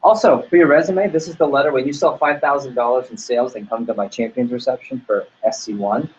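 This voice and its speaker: A man's voice: medium pitch, fairly even intonation, fast talker, darkish tone, dull audio, a little hiss or hum. A man leading a sales team training talk, upbeat and motivational, acting out little dialogues as he goes. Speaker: sales office manager.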